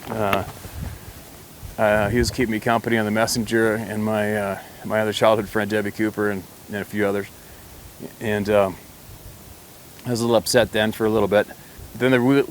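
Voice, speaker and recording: Speaking to camera, a man rambles bluntly through a personal story, with mild swearing and frequent restarts. His voice is fairly low but fairly bright in tone, with slight background noise behind it.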